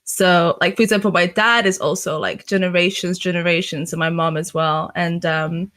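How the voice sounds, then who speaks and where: A woman's voice: on the low side, fairly even intonation, normal speed, a bit bright. A young woman from England, a streamer talking candidly in a casual interview, chatty, laughing often and swearing freely. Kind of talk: casual chat.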